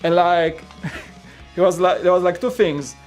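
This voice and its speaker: A man's voice: high-pitched, steady tone, unhurried, faint music behind. Chatty man streaming. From Poland. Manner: rambling, chatty, reads out viewer comments. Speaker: host. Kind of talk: casual livestream chat.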